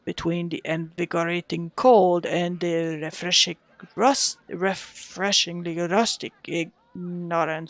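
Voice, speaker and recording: A woman's voice: fairly low pitch, no room sound. A woman voicing a pompous, scheming male wizard with a put-on Russian-like accent, reading game dialogue aloud. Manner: pompous, condescending, faking politeness.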